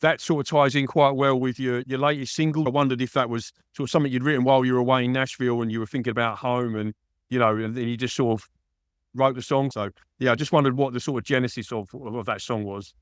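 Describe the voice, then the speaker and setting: A chatty male radio host with an East London accent and a smooth, resonant voice. He asks questions in an easy, friendly manner. The recording is dry and close. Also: mid-range voice, steady tone, fast, dry recording. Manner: chatty, says mate often. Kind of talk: radio interview.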